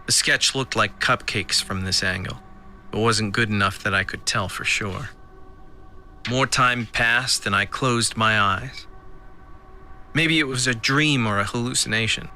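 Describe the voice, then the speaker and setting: A man's voice: fairly low pitch, unhurried, bright, forceful tone, slight background noise. A man narrating a scripted audio drama in a dry, first-person storytelling manner.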